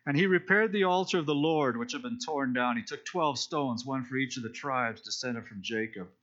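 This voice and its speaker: Bright-voiced man preaching casually, lo-fi. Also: medium pitch, normal speed. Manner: casual and explanatory, with fillers and restarts. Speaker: preacher teaching a Bible study. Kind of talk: conversational sermon, retelling scripture. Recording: dull lo-fi recording.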